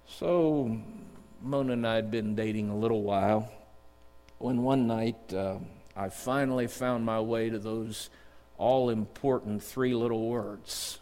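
A middle-aged man preaching a sermon in a church, earnest and storytelling, slowing down to read scripture. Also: on the low side, warm tone. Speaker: district superintendent preaching. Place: church sanctuary. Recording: long church reverb.

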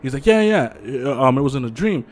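A man co-hosting a podcast, telling ghost stories in a loose, swearing, animated way and acting out the voices of the people in them. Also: medium pitch, racing. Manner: profane, animated storyteller who acts out quotes. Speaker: podcast co-host. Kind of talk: casual chat, storytelling.

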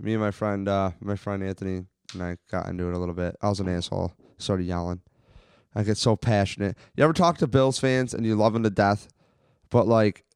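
A man's voice: on the low side, smooth, dry recording, clean studio sound. A man telling a long, profane, rambling story on a casual podcast, from Western New York. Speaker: podcast co-host.

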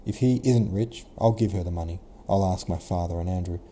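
A man voicing a gentle young princess who speaks earnestly and firmly. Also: deep voice, fairly quick, slight background noise, lightly acted. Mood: reflective. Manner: soft, earnest, resolute.

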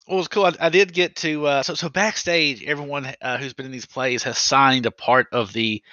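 Man, thirties, bright tone, rambling profane storyteller, dry dull-sounding recording. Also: medium pitch, steady tone, moderate pace, no room sound. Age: 30s. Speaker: podcast co-host. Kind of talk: casual chat.

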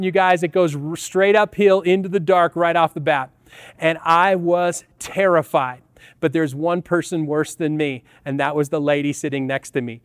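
A man's voice: high-pitched, no room sound, clean studio sound. A man in his fifties, a pastor telling a personal story in a conversational sermon, often addressing the audience as "you guys". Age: 50s.

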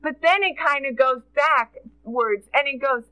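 A middle-aged woman preaches with a high, bright voice. She tells stories earnestly and quotes scripture with real feeling, leaning into each line. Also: a little slow, no echo, poor audio. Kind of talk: sermon.

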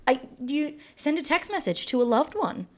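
A woman co-hosting a casual book chat, talking in an animated, emphatic way. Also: sits high. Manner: animated, emphatic, quick laughs.

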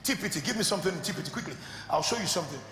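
A man preaching a sermon who keeps asking the congregation if they are listening and climbs into shouted, fervent exhortation. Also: high voice, lively intonation, very fast. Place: large church hall. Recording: echoey hall with music behind.

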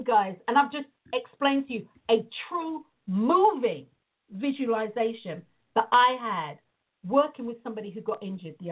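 Animated woman on a tinny call. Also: fairly high pitch, slightly rough. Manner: animated storytelling, acts out quoted dialogue. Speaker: prayer and visualization teacher. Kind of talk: casual spoken teaching on a call. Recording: tinny phone-like line.

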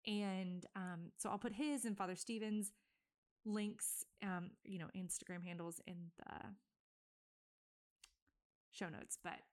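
A woman's voice: medium pitch, fairly even intonation, slow, long pauses, a little mellow. A woman in her thirties from Virginia hosting a podcast, chatting loosely with many fillers and self-corrections, a little out of breath. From Virginia, USA. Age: 30s. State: a bit out of breath. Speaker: podcast host. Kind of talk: casual solo podcast intro.

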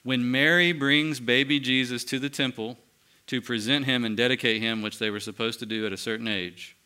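A man teaching scripture to a small group, his voice bright and cleanly focused. He talks conversationally, stopping to quiz the listeners and warmly confirming their replies. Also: medium pitch, fairly even intonation, normal speed, clear, resonant tone. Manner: asks the group questions and affirms answers; conversational with restarts. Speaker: pastor teaching a Bible study. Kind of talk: interactive Bible teaching.

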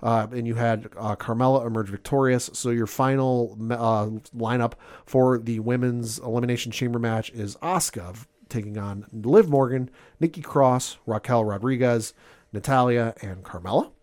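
A man's voice: medium pitch, moderate pace, a little mellow. Man rambling through a sports recap. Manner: rambling, filler-heavy, enthusiastic recap. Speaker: podcast host. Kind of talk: casual sports and gaming chat.

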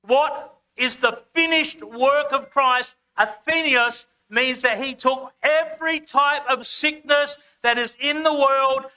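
Slow, bright-voiced preacher leading a sermon. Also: male voice, very high-pitched, smooth. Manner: slow, emphatic preaching, leading the congregation to repeat words. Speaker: guest preacher. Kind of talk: sermon with congregation call-and-response. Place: church service, speaking over slides.

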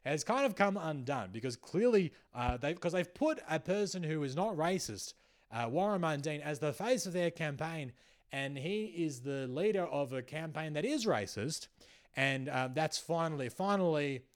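A male comedian riffs through a sarcastic monologue. His voice sits a touch high, and he rambles and restarts often. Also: expressive, moderate pace. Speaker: comedian host.

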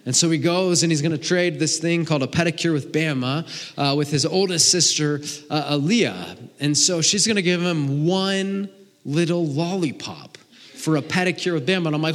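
A man in his thirties preaching a sermon, earnest, swinging between emphatic stretches and hushed ones, often repeating a word as he restarts. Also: a little high, normal speed. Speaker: pastor. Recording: long reverb of a large hall.

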